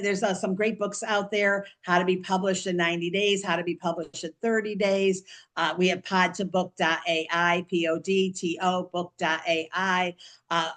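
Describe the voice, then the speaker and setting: A middle-aged woman, an author and guest on a podcast, talking in animated bursts and often restarting or repeating her words. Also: on the low side. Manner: speaks digits slowly and deliberately. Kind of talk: conversational interview.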